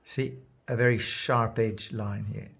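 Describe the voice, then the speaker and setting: A man giving a drawing lesson, thinking aloud as he works and trailing off into soft murmurs. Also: on the low side, steady tone, a little slow, creaky, slightly rough. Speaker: art teacher. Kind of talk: drawing demonstration.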